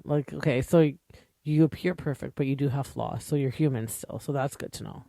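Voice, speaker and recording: A man hosts a podcast in a mid-range, creaky, warm voice, talking a little fast with no echo. A native English speaker, he gives a chatty, opinionated recap full of asides and fillers.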